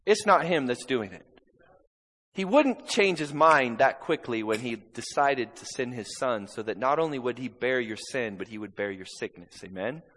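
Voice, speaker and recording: A man's voice: medium pitch, lively intonation, normal speed, a bit bright, in a large hall, low-quality recording. A man preaching a sermon in a church, impassioned and conversational, often checking in with "amen?". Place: church sanctuary.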